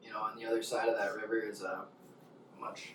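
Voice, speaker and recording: A man from the Chicago area co-hosting a casual hot wing interview, relaxed and quick to laugh. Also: on the low side, slight background noise. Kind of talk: casual chat. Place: home room. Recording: echoey room, mic far off.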